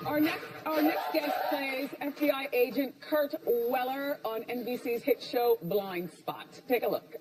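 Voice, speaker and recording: A woman's voice: high-pitched, measured pace, few pauses. A woman hosting a daytime talk show, chatting and teasing her guest in a brash way. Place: TV studio with live audience. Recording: studio audience, mic at a distance.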